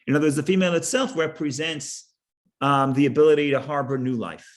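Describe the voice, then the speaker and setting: Halting, fairly high-voiced male teacher. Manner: halting, repeats words and restarts; jokey, explains with stories. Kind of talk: Torah class lecture.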